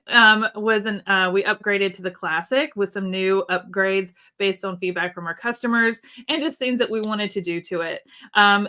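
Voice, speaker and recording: A woman's voice: medium pitch, sharp tone. A woman hosting a live online sewing event, chatting with viewers and demonstrating products with frequent ums. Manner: chatty, friendly, with frequent ums, reading chat comments aloud. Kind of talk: live-stream product demo. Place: indoors at a sewing desk in Nashville, under an air-conditioning vent.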